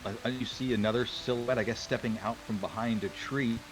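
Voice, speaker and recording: A man narrating as game master, talking hesitantly with many pauses. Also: medium pitch, steady tone, rough recording. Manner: hesitant, lots of ums. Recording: music behind the voice.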